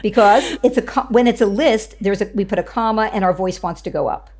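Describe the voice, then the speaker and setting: Woman, communication coach, confident, explanatory, medium pitch. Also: fairly quick, a little mellow. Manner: confident, explanatory, laughs easily. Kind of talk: interview guest.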